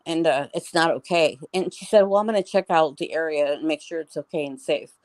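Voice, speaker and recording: A woman's voice: low voice, brisk, no echo. A middle-aged woman telling a story as an interview guest, in a rambling, casual way full of "like" and restarts.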